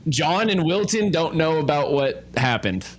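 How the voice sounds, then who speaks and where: A man's voice: a little high, animated, a little slow. A young man narrating as game master in a casual tabletop game, with many fillers.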